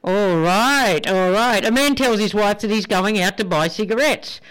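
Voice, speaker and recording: A woman's voice: mid-range voice, normal speed, fairly bright tone. A woman with an Australian accent hosting a radio show, chatting upbeat about sport and telling jokes. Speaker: radio host. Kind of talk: casual radio DJ chat.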